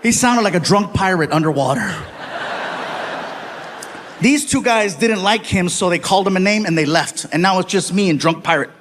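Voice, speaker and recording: A man performing stand-up comedy, telling stories in an animated way and acting out the people in them. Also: high voice, moderate pace, long pauses, background noise. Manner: animated, acts out voices and shouts. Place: comedy stage before a live audience.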